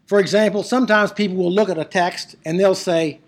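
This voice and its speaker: A Bible teacher giving an emphatic classroom lecture on biblical Greek, asking rhetorical questions and slowing down to stress key words. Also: mid-range voice, fairly even intonation.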